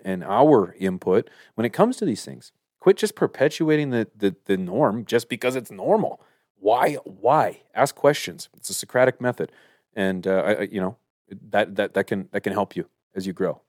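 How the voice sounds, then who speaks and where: A man's voice: lowish voice, darkish tone, dry recording, studio quality. A man co-hosting a podcast in casual chat, making his points emphatically with rhetorical questions. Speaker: podcast co-host.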